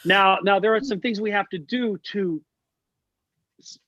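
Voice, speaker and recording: A high-pitched middle-aged man, appearing as a guest musician, tells stories at a measured pace during a casual interview over video call, animatedly imitating the people he quotes. The recording is dry, with dull lo-fi call audio.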